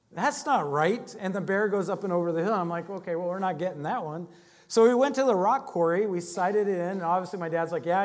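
A man preaching a sermon, shifting between conversational storytelling and emphatic, dynamic delivery. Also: sits high. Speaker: pastor.

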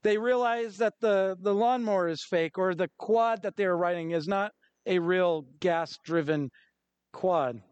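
A middle-aged pastor with a notably high voice preaches with energy, slipping into little acted-out quotes. The sound is dry and close, with almost no room around him. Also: male voice, a little slow, a little mellow, clear, resonant tone, dry recording, muffled recording. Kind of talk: sermon.

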